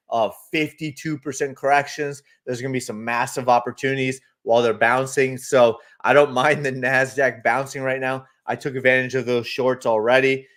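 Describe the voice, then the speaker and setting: A man with an ordinary mid-range voice hosts a live market stream. He talks casually and easily, greets his regulars by name and laughs often. His chart commentary comes across as a relaxed chat with the audience. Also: medium pitch. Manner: chatty, greets viewers by name, reads the chat; laughs easily, loose and talkative. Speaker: host of a live trading stream.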